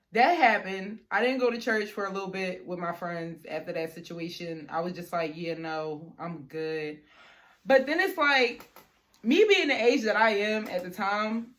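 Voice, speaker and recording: A young woman telling a personal storytime for her channel, her voice sitting at an ordinary mid pitch. She talks loosely and conversationally, with plenty of slang and filler words as she goes. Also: fairly bright tone. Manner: chatty, slangy, filler-heavy, lots of "like". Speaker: vlogger. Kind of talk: casual storytime.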